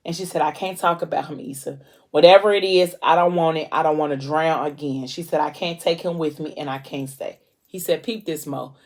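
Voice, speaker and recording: Low-pitched woman, chatty book-recap host who slips into the characters' lines. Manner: chatty retelling with many fillers, briefly acting out characters' lines. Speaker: book vlogger recapping a novel.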